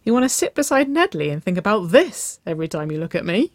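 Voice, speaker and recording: A reader voicing a playful young woman in a romance story, teasing and breathless, pitched above the narration. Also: very animated, fast, no room sound, studio quality.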